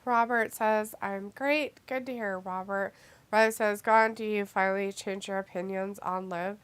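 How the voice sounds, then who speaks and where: A woman's voice: mid-range voice, steady tone, moderate pace, a bit bright, smooth. A woman co-hosting a casual live stream, reading chat messages out and joking sarcastically. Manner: reads chat messages aloud, laughs a lot, sarcastic. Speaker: co-host of a wrestling watch-along stream.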